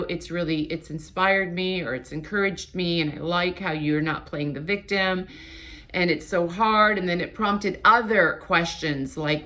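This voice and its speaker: A woman's voice: fairly low pitch, fairly bright tone. Candid, rambling woman in her fifties. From Portugal, raised in Canada. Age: 50s. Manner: candid, rambling, with frequent restarts and emotional swells. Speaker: YouTuber. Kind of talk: casual chat to camera.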